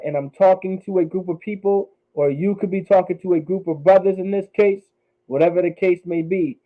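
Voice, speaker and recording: A man teaches a class, carefully sounding out each word and repeating phrases slowly so the students can follow. His voice sits a little high for a man. The sound is thin and narrow, as if it comes through a phone line. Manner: drills words slowly and repeats them for the class. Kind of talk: teaching Hebrew pronunciation.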